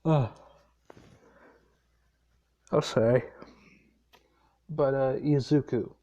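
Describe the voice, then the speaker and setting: A man's voice: mid-range voice, fairly even intonation, extremely slow, warm tone, highs cut off. A tired man casually retelling a fan story, rambling with many fillers and a lot of swearing.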